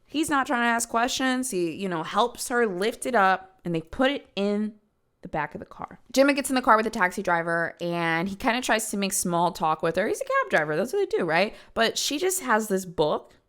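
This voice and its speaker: Young woman host, chatty true-crime storyteller, punchy and emphatic, average pitch. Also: moderate pace. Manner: animated, emphatic, swears for emphasis. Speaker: podcast host.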